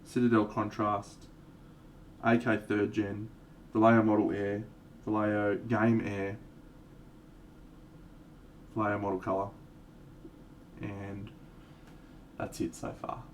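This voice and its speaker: In a fairly low voice, this man takes things slowly with long pauses as he paints miniatures live and walks viewers through his colours. His tone is laid-back and wandering, with jokes at his own expense. Recorded on a distant mic, with faint background noise.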